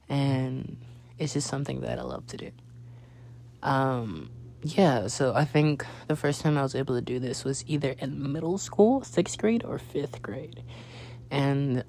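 A man's voice: mid-range voice, creaky, darkish tone, no room sound. A young man hosting a casual solo podcast, rambling with many fillers and restarts. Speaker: podcast host.

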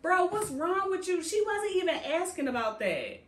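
Animated, slangy woman recapping a show. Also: very high voice, moderate pace, reverberant. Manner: animated storyteller, acts out quoted characters; slangy, profane, laughs often. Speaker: podcast co-host. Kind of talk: casual chat recapping a TV show.

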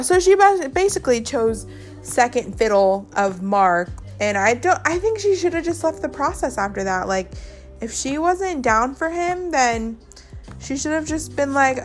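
A woman's voice: fairly high pitch, expressive, measured pace, soft background music. Chatty gossiping woman podcast host. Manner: chatty, gossipy recap with fillers and quoted reactions. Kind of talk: casual chat.

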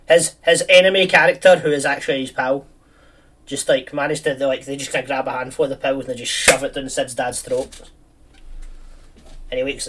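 A man's voice: on the high side, a bit bright, recorded from a distance. A man chatting casually, rambling through a film plot with lots of fillers and restarts.

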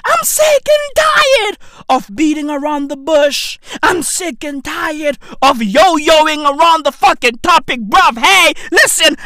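A young man with a South African accent, delivering a profane comedic rant that swings into frequent shouting and laughter. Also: very high-pitched, dry recording, clean studio sound. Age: young adult. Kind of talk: ranting comedic monologue.

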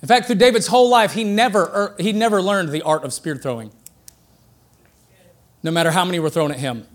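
A man preaching a sermon in a conversational, joking way, getting louder and quicker when he makes a point. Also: high-pitched. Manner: conversational and joking, rising excitedly for emphasis.

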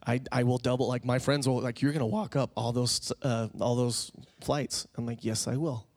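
Man, pastor, sermon, middle-pitched voice, conversational to fervent, church microphone. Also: fairly even intonation, moderate pace, darkish tone. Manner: conversational, rising to fervent exhortation. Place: church sanctuary.

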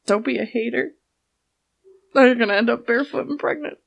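A woman's voice: a little high, a little fast, gravelly, breathy edge, lo-fi sound. A young woman co-hosting a casual chat podcast, joking and swearing, reading excerpts aloud. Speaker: podcast co-host.

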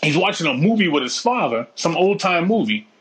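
A man spins a story in loose, slangy chat, swearing freely and acting out each character's lines. His voice sits a little high, and its pitch swings widely as he talks. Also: sing-song, brisk, a bit bright, slight background noise. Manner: slangy, profane storytelling with acted-out quotes. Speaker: storyteller in a conversation. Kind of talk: casual chat.

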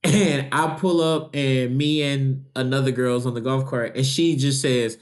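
A man's voice: medium pitch, fairly even intonation, measured pace. A man with an American accent hosting a casual chat, telling loose, joking stories with plenty of profanity. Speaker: podcast host.

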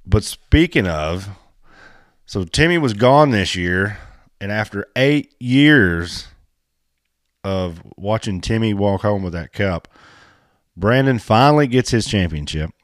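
A low-pitched man with a drawl, chatting casually as a podcast host. He talks bluntly and jokes in a folksy way. The sound is dry and close, with no room behind it. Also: animated, slow, dry recording. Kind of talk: casual chat about off-road racing.

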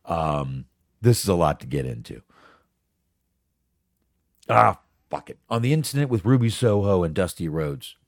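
A man's voice: low-pitched, expressive, a little slow, long pauses, no room sound, clean studio sound. A man hosting a solo podcast, talking off the cuff in a rambling, profane, casual way. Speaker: podcast host.

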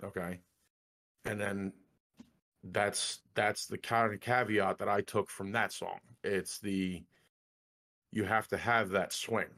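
A man's voice: on the low side, fairly even intonation, slow pace, long pauses, a bit bright. A man co-hosting a casual podcast, making earnest points and checking in with "okay?". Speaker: podcast co-host. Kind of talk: casual chat.

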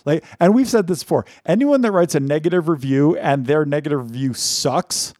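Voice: mid-range voice, lively intonation, fairly quick, a little mellow, no room sound, clean studio sound. A podcast co-host in casual chat, venting frustration with plenty of swearing.

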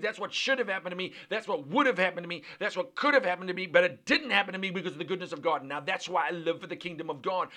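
A man's voice: sits high, sharp tone. A man preaching a sermon with fervent, repetitive rhythmic cadence, building lists phrase by phrase.

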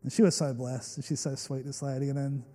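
A man's voice: medium pitch, flat delivery, quick pace, warm tone, slightly rough. An Australian man in his young adult years, preaching a sermon and telling stories in an earnest, emotional way, with many fillers and restarts. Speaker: pastor. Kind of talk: storytelling sermon. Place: church hall. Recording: long church hall reverb.

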